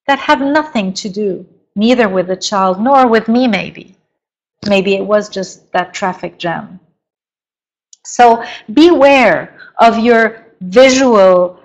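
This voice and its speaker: A middle-aged woman coaching parents in a webinar lecture, explaining slowly and deliberately, with emphatic stresses. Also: mid-range voice, poor audio.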